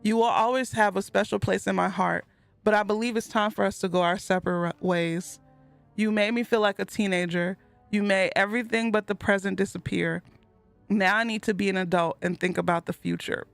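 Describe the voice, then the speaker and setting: A woman narrates her gameplay in a smooth, resonant voice with a gravelly fry under it. She reads letters aloud slowly and earnestly, then bursts into giddy squeals. The voice is close and dry, with faint music behind it. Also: mid-range voice, steady tone, dry recording. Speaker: gaming video host. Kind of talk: let's play commentary, reading in-game letters aloud.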